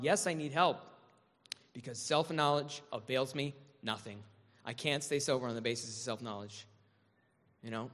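Man, fairly high, bright and forceful, sharing a candid, self-mocking recovery story; echoey hall. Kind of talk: personal recovery testimony to a meeting.

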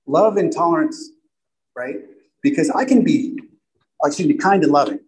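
A man's voice: on the high side, animated, moderate pace, low-quality recording. A man speaking to a group at a recovery meeting, conversational and self-deprecating, often checking in with "right?".

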